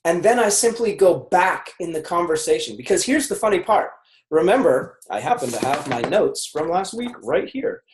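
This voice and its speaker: A man's voice: high voice, expressive, normal speed, reverberant. A man coaching on a team call, talking casually with lots of fillers and acted-out bits of dialogue. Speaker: sales coach.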